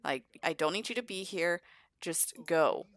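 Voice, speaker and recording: Indignant vampire dad, voiced by a woman: firm, loud, exasperated. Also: on the low side, animated, measured pace. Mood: angry. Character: protective young vampire husband and father, indignant. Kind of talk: voicing game characters.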